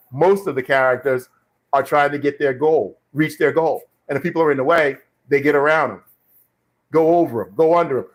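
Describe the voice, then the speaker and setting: Rambling middle-aged actor hosting a live stream. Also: male voice, mid-range voice. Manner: rambling storyteller, frequent fillers and restarts. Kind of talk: casual live Q&A advice. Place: home studio.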